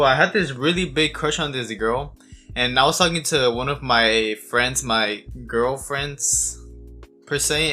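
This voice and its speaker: A man's voice: medium pitch, pushed and bright. A man in his twenties giving a blunt, profane monologue, stumbling over restarts. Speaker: self-improvement vlogger.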